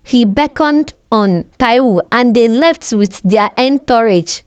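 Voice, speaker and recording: A woman's voice: fairly high pitch, animated, slow pace, hardly any pauses, a little mellow, no room sound, lo-fi sound. A woman storyteller narrating a dramatic tale in an emotive way.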